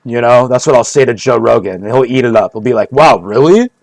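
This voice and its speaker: A man's voice: medium pitch, fairly even intonation, fast talker, vocal fry, darkish tone, no room sound. A man rambling through a mock-serious comedic monologue, repeating himself often, in a streaming style.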